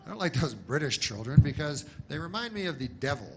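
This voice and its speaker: A man doing stand-up comedy, deadpan and rambling, with many asides and restarts. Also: fairly high pitch, a little fast, gravelly, very noisy.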